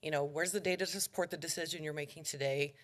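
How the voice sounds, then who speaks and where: A woman's voice: sits low, steady tone, quick pace. A woman resident giving public comment in a council chamber, out of breath and urgent, pressing pointed questions. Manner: urgent, questioning, somewhat jumbled.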